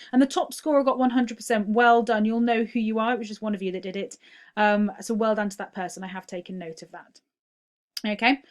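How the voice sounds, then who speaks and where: A young woman teaching a recorded online lesson, patient and explanatory, often checking "all right?" with many ums. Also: a little high.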